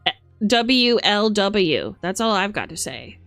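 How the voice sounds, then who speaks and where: A woman's voice: medium pitch, very animated, slow, fairly bright tone, no echo, faint music behind. A woman live-streaming in a bard persona, chatting playfully and teasing her viewers. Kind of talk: casual live-stream chat.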